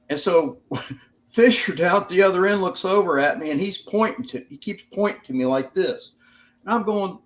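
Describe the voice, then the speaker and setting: An older American man, a veteran guest on an interview podcast, telling stories in a plainspoken, casual way with some swearing. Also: fairly high pitch. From United States.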